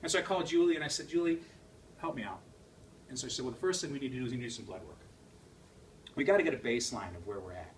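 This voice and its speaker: A man gives a motivational talk to a live audience, his voice rising and falling in wide swings as he tells his story. He sits a fair way from the microphone, so he sounds distant, with a faint hum of room noise under him. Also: mid-range voice. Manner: animated storytelling with quick laughs and emphatic repeats. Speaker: guest speaker.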